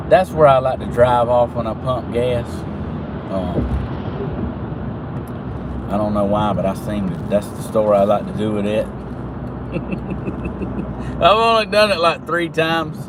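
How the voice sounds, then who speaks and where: A man with a Southern Georgia accent, telling rambling laid-back country stories as a vlogger while driving around in his car. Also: mid-range voice. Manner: laid-back, chuckling, drawling country talk. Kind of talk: rambling casual storytelling. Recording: car and road noise behind.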